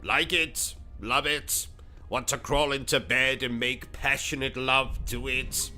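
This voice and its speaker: A man's voice: medium pitch, fairly even intonation, takes it slowly, bright, forceful tone, faint music behind. A British man hosting a gaming livestream, ranting and trading insults in a pompous, over-the-top comic persona. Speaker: gaming channel host. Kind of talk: comedic livestream commentary.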